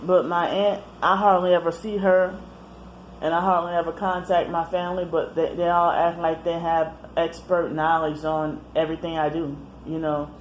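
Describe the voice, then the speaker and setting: A woman talking casually to camera in a personal monologue, rambling, halting and often correcting herself mid-sentence. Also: lowish voice, little pitch movement, slight background noise. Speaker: vlogger.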